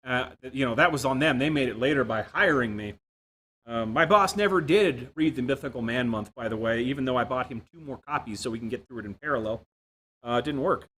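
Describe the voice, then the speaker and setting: A man's voice: medium pitch, a little fast, a bit bright, breathy edge. Joking man giving a tech talk. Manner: self-deprecating, jokey storytelling. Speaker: conference speaker. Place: room without a live audience.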